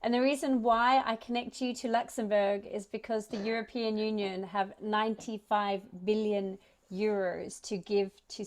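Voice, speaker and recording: An Australian woman hosting a startup pitch event, giving an enthusiastic welcome speech. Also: darkish tone. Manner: upbeat, enthusiastic. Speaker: event host.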